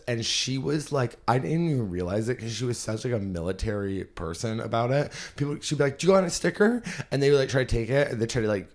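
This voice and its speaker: A comedian and podcast host telling stage stories in a casual, animated way, laughing often and acting out the people he quotes. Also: on the low side. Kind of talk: casual storytelling.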